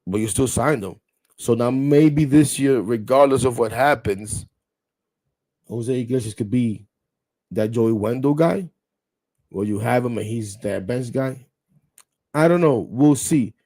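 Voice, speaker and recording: A man's voice: medium pitch, a little slow, pauses often, dark tone. A man hosting a live sports talk show, rambling bluntly, swearing casually and talking straight to his viewers. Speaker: podcast host.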